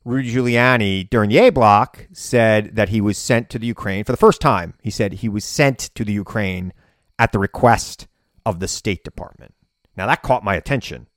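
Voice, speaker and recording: A man hosting his own podcast, telling a story in a casual, animated way, sometimes yelling for effect. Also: on the low side, moderate pace, dry recording, clean studio sound. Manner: animated storytelling, bursts of yelling when reenacting. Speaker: podcast host and political commentator. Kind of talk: casual solo podcast monologue. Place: home basement studio.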